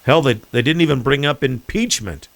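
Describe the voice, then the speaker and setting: A man's voice: mid-range voice, normal speed, creaky, dry recording. A man hosting his own podcast, delivering a sarcastic, mocking political commentary monologue. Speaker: podcast host.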